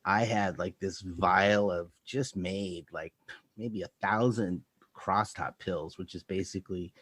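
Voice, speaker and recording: A man's voice: deep voice, slow, husky, no room sound, studio quality. A man telling wild stories as a podcast guest, casual and profane, laughing often. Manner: profane, laughing, animated anecdotes. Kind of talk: casual storytelling.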